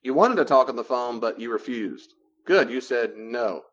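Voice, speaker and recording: A man teaching a room full of people, his voice sitting in a middle pitch. The recording is dull and lo-fi. He lectures in an animated way, playing both people in short exchanges to make his points. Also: moderate pace. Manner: animated, acts out both sides of dialogues. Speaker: counselor teaching a class. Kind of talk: classroom lecture with role-play examples.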